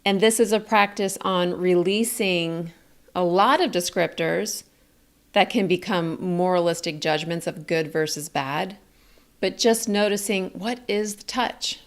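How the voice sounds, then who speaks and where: A woman teaching a communication lesson in a calm, clear, explaining way. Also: on the low side. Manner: calm, explains slowly and clearly, demonstrates statements. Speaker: communication coach.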